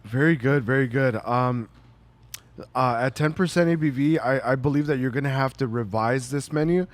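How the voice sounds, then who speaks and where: A man hosting a beer-tasting podcast, talking in a laid-back, measured way with many pauses. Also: medium pitch. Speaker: podcast host. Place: brewery taproom.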